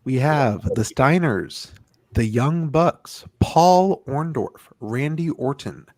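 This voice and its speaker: A man's voice: medium pitch, lively intonation, takes it slowly, a little mellow, no echo, clean studio sound. A man co-hosting a casual podcast, blunt and given to crude jokes, reading lists off steadily. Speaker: podcast co-host. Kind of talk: casual debate chat.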